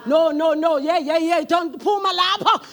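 A woman with a South African accent preaching a sermon, shouting declarations and chanting in rhythmic bursts. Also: very high-pitched, a little slow.

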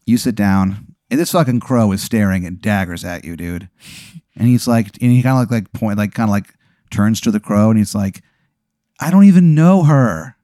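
A man's voice: lowish voice, moderate pace, mellow, no room sound, clean studio sound. A man hosting a podcast, improvising a rambling comedic story with many fillers and restarts. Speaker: podcast host.

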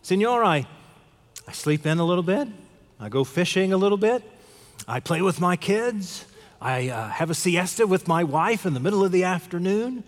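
A man voicing a calm, contented village fisherman who speaks simply and politely. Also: high voice, normal speed. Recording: long hall reverb.

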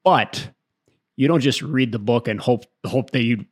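Man, podcast co-host, casual debate, explains at length, mid pitch, dry close recording. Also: unhurried, dry recording. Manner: explains at length, often tags "right?".

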